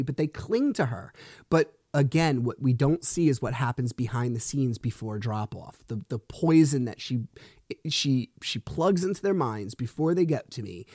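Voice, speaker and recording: A man's voice: medium pitch, animated, moderate pace, a little mellow, dry recording, clean studio sound. A man in his thirties hosting a solo podcast, telling a story in a frustrated, rambling way with swearing and restarts. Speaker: podcast host.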